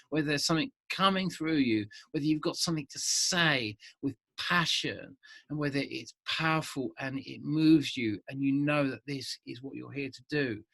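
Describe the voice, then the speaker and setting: A man in his fifties, a vlogger talking to camera in a rambling, animated way with many restarts. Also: fairly high pitch, dry recording. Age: 50s. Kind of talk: casual monologue to camera.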